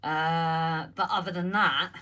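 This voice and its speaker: A woman hosting a casual home live stream, chatty and greeting viewers by name, her voice slightly croaky as she recovers from being ill, talking into a phone on a holder. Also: sits low, steady tone, slow pace, bright, forceful tone. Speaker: livestream host.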